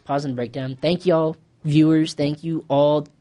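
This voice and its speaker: Laid-back man chatting about a movie. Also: on the high side. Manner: relaxed, rambling, quick laughs. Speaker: video co-host. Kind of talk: casual movie breakdown chat.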